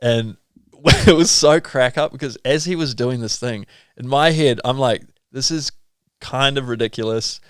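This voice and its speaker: A man with a New Zealand accent, a podcast guest, telling stories in a relaxed way full of "like" and "bro". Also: medium pitch, normal speed, clear, resonant tone, no echo, studio quality. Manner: laid-back, filler-heavy, lots of "like" and "bro". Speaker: podcast guest, pro skier. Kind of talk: casual podcast storytelling.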